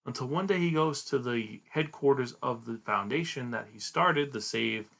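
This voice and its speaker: A man hosting a podcast, chatting casually as he retells a manga story in an animated way. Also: mid-range voice, normal speed, creaky. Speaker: podcast host.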